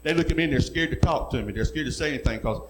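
A middle-aged man preaches a sermon, slipping from plain, folksy storytelling into loud, climbing exhortation. His voice sits a little high for a man. A faint hum runs under the recording. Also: rapid-fire. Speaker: pastor.

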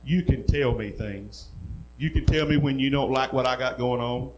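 A middle-aged man, a pastor preaching a sermon who tells folksy stories and builds to loud, rising preaching. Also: medium pitch, fairly even intonation, normal speed, slight background noise, poor audio.

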